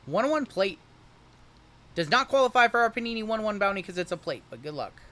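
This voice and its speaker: A young man hosting a live-streamed card break, joking and hyping each pull in rapid running banter. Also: sits high, very animated, bright, forceful tone.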